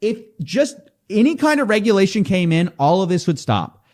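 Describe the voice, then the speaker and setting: This investigative YouTuber has a high voice and talks at a normal speed straight into the camera, with soft music underneath. Animated and fed up, he slips into mocking impressions when quoting others.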